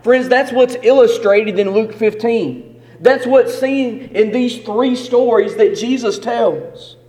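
A pastor preaches slowly in a high, slightly mellow voice, his sermon moving in a rhythmic, emphatic cadence built on repeated phrases. The sound carries the long reverb of a church hall.

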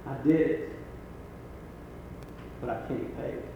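A man voicing a desperate young mother who pleads softly in a sermon story, heard in an echoey hall. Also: medium pitch, takes it slowly, creaky, far from the mic, highs cut off, noisy background, voice pushed down. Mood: pleading. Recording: echoey hall with long reverb.

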